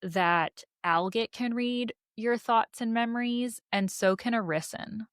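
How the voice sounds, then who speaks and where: A woman co-hosting a casual book podcast, reading passages from the book aloud in a measured way. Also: fairly high pitch, clear, resonant tone, no room sound, studio quality. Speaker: podcast co-host. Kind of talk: casual book-club chat.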